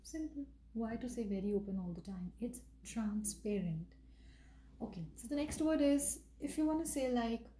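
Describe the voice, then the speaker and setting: A woman's voice: a little high, moderate pace, mellow, echoey room, slight background noise, rough recording. A woman giving a casual vocabulary lesson, explaining with repeated examples and slipping in Hindi phrases. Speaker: English vocabulary teacher.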